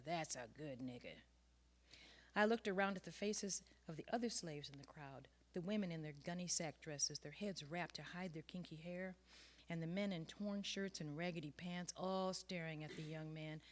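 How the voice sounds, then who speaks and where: A woman author reading her own personal essay aloud in a measured, earnest way. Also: low-pitched.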